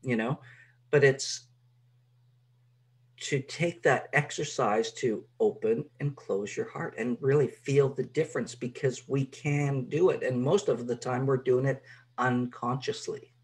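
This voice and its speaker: A man's voice: medium pitch, steady tone, a little slow. A man hosting a conversational interview, responding to his guest in an affirming way. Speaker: podcast host.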